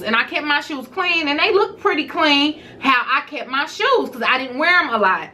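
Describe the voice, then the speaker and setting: A woman vlogger telling a personal story to her viewers in a casual, animated way. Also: sits high, moderate pace, hardly any pauses, a little hiss or hum.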